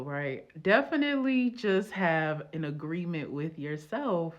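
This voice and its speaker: A woman vlogger telling a personal story and giving relationship advice in a casual, animated, playful way, with teacherly asides. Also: sits low, a little slow. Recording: dull lo-fi audio.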